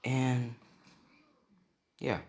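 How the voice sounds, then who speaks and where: A man's voice: medium pitch, monotone, drawn-out words, a little mellow. A young man improvising a fan story, rambling with lots of fillers.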